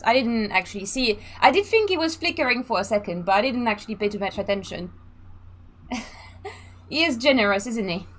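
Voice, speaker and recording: A woman's voice: fairly high pitch, fairly bright tone. A woman hosting a casual live stream, chatting freely, laughing and reading out the chat. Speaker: streamer and sim racing host.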